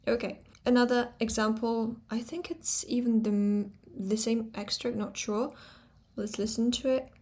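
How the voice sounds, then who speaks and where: A woman's voice: a little high, flat delivery, a little mellow. Woman teaching phonetics, musing aloud. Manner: talks things through aloud, pausing on fillers and repeating sounds slowly to demonstrate. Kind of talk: explanatory pronunciation lesson.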